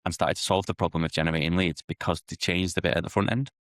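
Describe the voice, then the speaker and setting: A man, a podcast guest explaining sales in an animated way and acting out client conversations. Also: low voice, fast, dry recording, clean studio sound. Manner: animated, acts out sales dialogues in quotes. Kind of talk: podcast interview.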